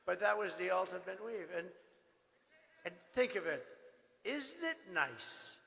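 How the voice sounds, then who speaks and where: An older man giving a rambling, boastful campaign rally speech in a hoarse, strained voice, breaking into shouts. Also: sits high, sing-song, measured pace. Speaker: political speaker at a rally. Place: large indoor arena. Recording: long arena reverb, faint ambient noise.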